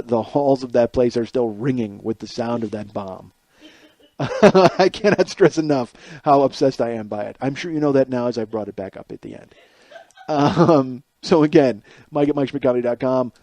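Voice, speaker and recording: Fast-talking rambling male podcast host. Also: medium pitch, warm tone, no echo. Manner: rambling, self-deprecating, full of fillers. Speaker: podcast host and stand-up comedian. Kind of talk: casual solo monologue.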